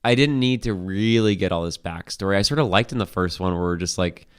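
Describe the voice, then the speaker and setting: A man's voice: sits low, brisk, clear, resonant tone. A man co-hosting a podcast in casual chat, rambling with lots of "like" and frequent swearing. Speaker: podcast co-host.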